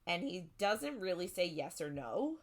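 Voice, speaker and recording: A woman's voice: lowish voice, very animated, a little slow. A woman co-hosting a casual book podcast, retelling the plot in a rambling way full of "like" and "um". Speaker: podcast co-host.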